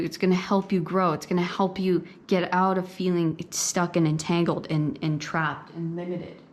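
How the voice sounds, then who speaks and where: A woman giving a pick-a-card tarot reading, talking straight to her viewers in a conversational way. She often repeats herself, checks in with "okay?" and "right?", and laughs softly now and then. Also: lowish voice, a little hiss or hum. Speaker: tarot reader.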